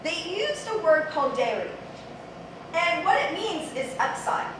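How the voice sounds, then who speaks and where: High-voiced woman lecturing in an echoey hall. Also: very animated, normal speed. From Ohio, USA. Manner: friendly, conversational, many ums. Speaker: history lecturer. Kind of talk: public lecture. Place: large church hall. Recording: very echoey hall, distant mic, faint noise.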